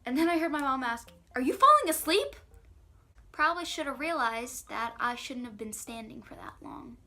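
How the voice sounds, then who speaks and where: Bright young woman telling a story. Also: a little high, fairly quick, gravelly. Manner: animated storytelling, quoting others in acted voices. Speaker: vlogger. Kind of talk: storytime vlog. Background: faint background music.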